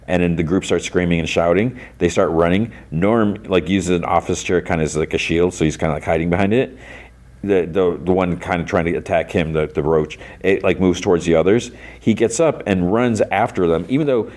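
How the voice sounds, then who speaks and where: A man's voice: deep voice, darkish tone. A man hosting a podcast, retelling an episode in a casual, rambling way full of "like" and restarts. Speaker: podcast host.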